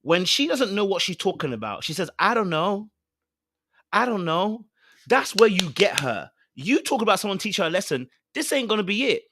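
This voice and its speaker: A man's voice: sits high, sing-song, fairly quick, few pauses, fairly bright tone, dry recording. A man hosting a reaction show, blunt and repeating his points for emphasis. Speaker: reaction channel host. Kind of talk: casual reaction commentary.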